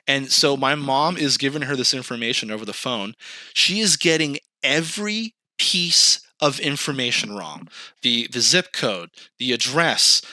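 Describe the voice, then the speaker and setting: A young man, a podcast host, chatting casually and telling an animated story, acting out quotes, swearing and laughing along. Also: mid-range voice, dry recording. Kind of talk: casual chat.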